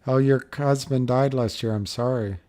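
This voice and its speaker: A man's voice: mid-range voice, fairly even intonation, moderate pace, mellow. A middle-aged man hosting a livestream, chatting casually and rambling through viewer comments with frequent chuckles. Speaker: livestream host.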